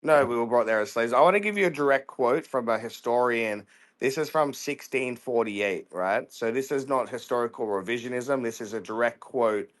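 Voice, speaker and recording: A male caller pushes back insistently in a debate, backing his case by reading out a quoted source. His voice is ordinary in pitch and plain in tone. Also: moderate pace.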